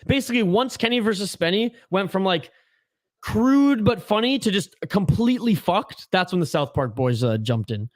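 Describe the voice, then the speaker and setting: High-voiced man hosting a chatty livestream. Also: big pitch swings, moderate pace, dry recording, studio quality. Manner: chatty and joking, reading viewer comments aloud. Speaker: host of a hockey watch-along livestream. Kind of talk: casual livestream chat.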